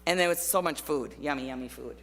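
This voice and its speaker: A woman's voice: deep voice, quick pace. A middle-aged woman from Minnesota speaking as a guest artist, telling personal stories in a chatty way with many fillers. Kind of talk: casual personal talk. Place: church hall. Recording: long hall reverb.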